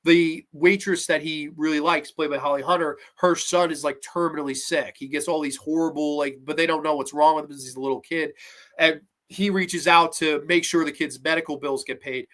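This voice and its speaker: A man hosting a podcast, chatting casually about a film in a rambling, excitable way and swearing often. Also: a little high. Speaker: podcast host. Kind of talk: casual movie review chat.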